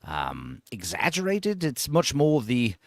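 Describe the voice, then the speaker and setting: A man guesting on a casual chat show, explaining at length in an animated way. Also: medium pitch, slow, gravelly, no echo, studio quality. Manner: animated, explaining, bursts of mock accents.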